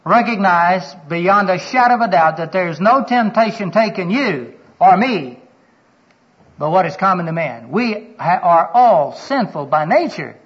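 A man's voice: high-pitched, lively intonation, unhurried, a bit bright. A middle-aged man preaching a sermon, telling personal stories earnestly and quoting people aloud. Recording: dull lo-fi recording.

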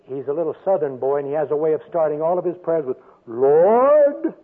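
An older man preaching a sermon with a storytelling manner, swinging from loud emphasis down to a soft hush. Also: a little high, fairly even intonation, racing. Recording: tinny phone-like radio sound.

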